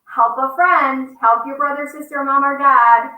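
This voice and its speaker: A woman's voice: high voice, fairly even intonation, unhurried, distant mic, narrow, tinny audio. A woman teaching a children's yoga class over a video call, coaxing and upbeat as she talks straight to the kids and reads them a story. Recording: roomy echo.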